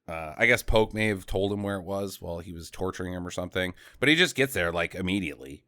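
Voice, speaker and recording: A man hosts a casual podcast and walks through a movie's plot in a bright, forceful voice. His tone is crisp and smooth, and he rambles with dry, sarcastic asides. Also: sits low, lively intonation, fast. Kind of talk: casual bad-movie recap.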